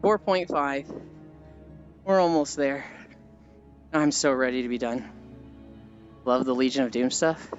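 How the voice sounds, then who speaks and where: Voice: medium pitch, steady tone, measured pace, pauses often. A livestreamer chatting casually while walking, rambling through stories with many fillers and sighs. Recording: muffled stream audio with faint music. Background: faint music.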